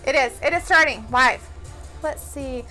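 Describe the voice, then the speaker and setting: Brief: woman co-host, high and bright, giggly, relaxed live-stream banter with viewers. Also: measured pace, soft background music, low-quality recording. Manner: chatty, giggly, frequent laughs. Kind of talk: casual live-stream chat, reading viewer comments.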